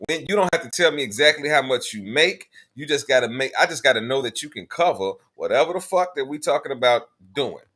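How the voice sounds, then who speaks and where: A man's voice: medium pitch, animated, a little fast, few pauses, a bit bright. A man hosting a casual call-in talk show, talking bluntly and profanely in a laid-back way.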